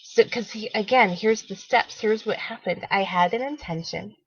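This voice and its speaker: Woman, wellness host, animated storytelling, acts out quotes, mid pitch, dry dull sound. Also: moderate pace, breathy edge, no echo. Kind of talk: personal storytelling talk.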